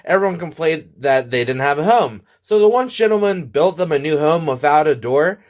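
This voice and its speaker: A man telling an absurd comic story in a deadpan, rambling way, full of restarts and asides. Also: fairly high pitch, moderate pace.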